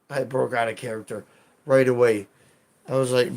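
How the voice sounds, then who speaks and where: A man's voice: medium pitch, steady tone, moderate pace, gravelly, darkish tone. A man casually chatting with his live chat as a streamer, rambling, self-deprecating and swearing now and then.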